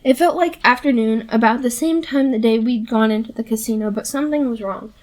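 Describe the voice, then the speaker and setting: A woman reading a novel aloud in steady, plain first-person storytelling. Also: a little high, fairly quick. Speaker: audiobook reader.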